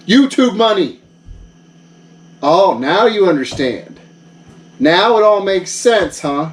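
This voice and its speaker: A man's voice: high voice, sing-song, slow, pauses often, distant mic. A man who runs a vlog, bragging and bossing people around in a jokey one-sided phone call. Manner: boastful, mock-bossy, joking. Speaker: vlogger.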